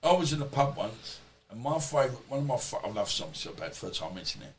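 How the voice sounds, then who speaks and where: A man in the guest seat of a casual podcast, telling his stories in a loose, rambling way. He swears without a second thought and slips into the voices of the people he quotes. His pitch sits mid-range for a man, and a faint hiss of room noise runs under his voice. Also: big pitch swings, fast, low-quality recording. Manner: rambling, swears freely, acts out quoted dialogue. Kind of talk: casual storytelling interview.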